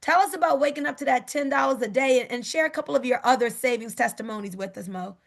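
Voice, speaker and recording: A woman making an upbeat sales pitch on a video call, often asking "guess what". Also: fast talker, gravelly.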